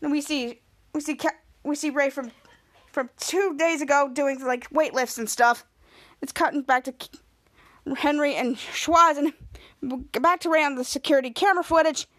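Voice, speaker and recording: A woman podcast host giving a casual, halting recap of a TV episode, full of restarts and repeats. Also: sits high, a bit bright, no echo, clean studio sound. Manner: halting, repetitive retelling with many restarts.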